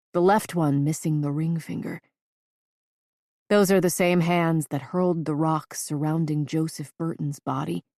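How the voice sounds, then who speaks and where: A woman narrating a first-person audiobook in a measured, even reading. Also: fairly low pitch, no echo, studio quality.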